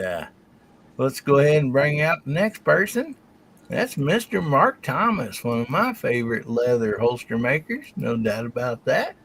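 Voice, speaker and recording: A man's voice: on the high side, slightly rough. A man hosting a casual livestream chat, introducing each guest in a folksy way. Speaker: host.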